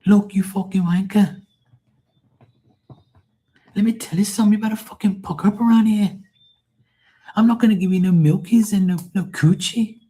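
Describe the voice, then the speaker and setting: Guy doing a shrill crude bossy woman, super high pitched, yelling at her man. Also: steady tone, moderate pace, long pauses, lightly acted, poor audio. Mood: scolding. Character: bossy foul-mouthed woman scolding a clingy partner.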